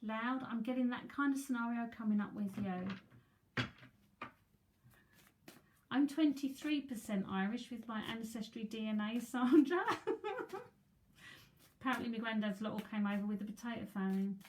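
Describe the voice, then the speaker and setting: A woman's voice: a little high, expressive, a little slow, pauses often, darkish tone, slight background noise. An English woman giving a live tarot reading from home, chatty, talking to viewers by name and often repeating her words. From England. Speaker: psychic tarot reader.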